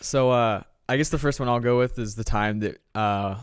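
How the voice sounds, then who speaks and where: A young man co-hosts a casual podcast and tells stories in a relaxed, easygoing way. His voice is smooth and clear, at a middle pitch, and recorded close and dry with no room sound. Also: normal speed, no room sound. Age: young adult. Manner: laid-back storytelling with laughs. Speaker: podcast co-host. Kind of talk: casual chat.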